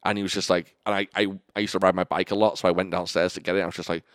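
A man's voice: low voice, little pitch movement, very fast, dry recording, clean studio sound. A man co-hosting a podcast, chatting casually and telling rambling, self-amused stories. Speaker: podcast co-host. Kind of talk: casual chat.

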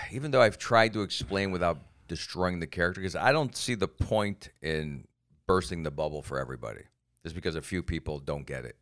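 A man co-hosting a casual podcast, telling animated stories and jumping into quoted voices. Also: low-pitched, brisk. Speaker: podcast co-host and comedian.

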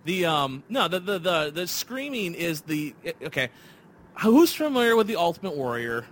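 A man's voice: a little high, very animated, normal speed. A man hosting a casual podcast chat, talking with enthusiasm and rambling through restarts. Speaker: podcast host.

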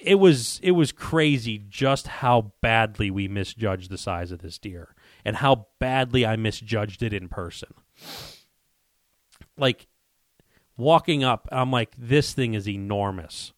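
A man's voice: mid-range voice, no echo, clean studio sound. A man telling a story in casual conversation, acting out quoted dialogue with frequent restarts and repeated words. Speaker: guest telling a hunting story.

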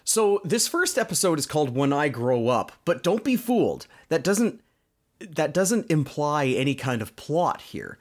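A man's voice: fairly high pitch, very animated, a little slow. A man co-hosting a podcast in casual chat, recapping an old cartoon with bemused, sardonic remarks. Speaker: podcast co-host.

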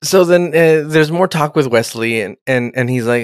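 Pria yang bercerita panjang, suara kering. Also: male voice, mid-range voice, steady tone, moderate pace, hardly any pauses, clean tone, no echo, studio quality. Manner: rambling, swearing, acting out voices. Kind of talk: casual chat recapping a TV episode.

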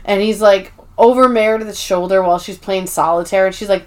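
Animated woman recapping a show. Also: mid-range voice. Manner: animated, acts out scenes in quick put-on voices. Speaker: podcast co-host. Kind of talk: casual recap chat.

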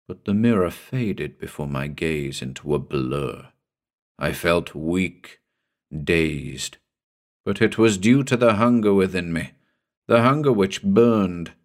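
A man with a very low voice narrates a horror story. He reads slowly and deliberately, and his words have a brooding weight.

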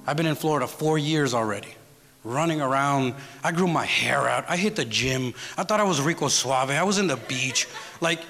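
A guest preacher gives a sermon in a church hall before a congregation, telling a personal story conversationally and often checking in with "right?". His voice is medium-pitched and sharp, at a moderate pace. The recording carries church hall reverb and music.

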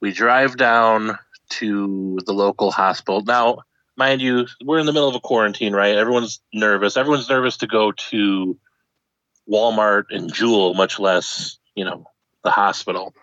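A man's voice: lowish voice, normal speed, no echo. A young man telling a funny personal story, acting out the people in it. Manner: animated, acts out voices of people in the story. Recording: dull lo-fi dry recording.

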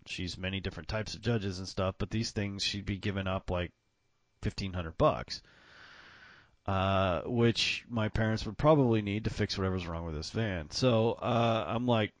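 A man's voice: lowish voice, unhurried, no room sound. A man telling a long, rambling story in casual chat, laughing often and jumping around as he talks. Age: adult with grown-up parents.

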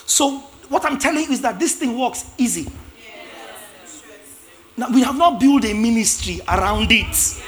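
A man preaching a lively sermon, acting out biblical characters with shouts and laughs. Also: very high voice, measured pace, long pauses.

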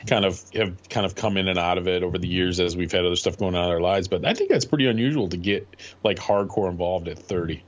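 A man's voice: sits low, fast talker, hardly any pauses, lo-fi sound. A man co-hosting a podcast, talking in a friendly, self-deprecating way. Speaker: podcast co-host. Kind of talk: casual podcast chat.

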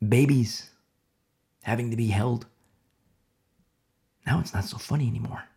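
Emphatic gravelly male preacher. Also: mid-range voice, measured pace, mellow. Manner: emphatic, repetitive, storytelling. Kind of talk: sermon.

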